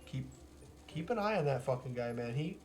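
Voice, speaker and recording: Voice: mid-range voice, expressive, moderate pace, soft background music. A game streamer chatting casually over a live stream, sarcastic, rambling and full of swearing.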